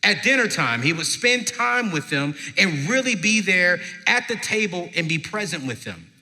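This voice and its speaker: A man giving a live inspirational talk to an audience at a parenting event, telling stories emphatically with slow, dramatic pauses. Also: sits high, big pitch swings, bright, forceful tone. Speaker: motivational speaker at a parenting event. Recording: long hall reverb from a live venue.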